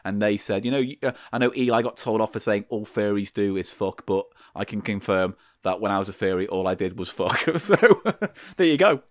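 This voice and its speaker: A man's voice: on the low side, animated, normal speed, hardly any pauses, no echo, studio quality. A man co-hosting a comedy podcast, reading listener questions and trading sardonic banter. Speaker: podcast co-host. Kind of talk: casual comedy chat.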